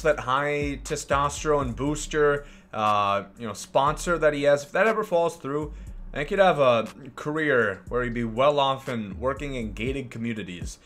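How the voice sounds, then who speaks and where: A man giving casual, joking commentary over his gameplay as the host of a gaming channel, rambling through sarcastic asides and shouting at big plays. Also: on the high side.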